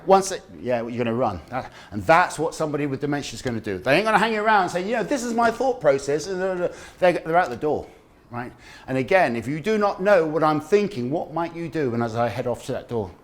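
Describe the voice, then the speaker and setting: A middle-aged man giving a lively talk on dementia care, acting out the people in his stories. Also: on the high side, fairly quick. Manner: animated storyteller, acts out quoted voices. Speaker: dementia awareness speaker. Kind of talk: lively public health talk. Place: community event room.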